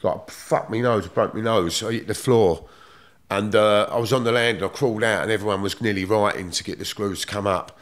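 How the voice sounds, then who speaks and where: A man's voice: fairly low pitch, a little fast, fairly bright tone. A middle-aged man with a London accent, telling stories from his past in blunt, streetwise slang, swearing freely. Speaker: guest. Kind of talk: casual storytelling.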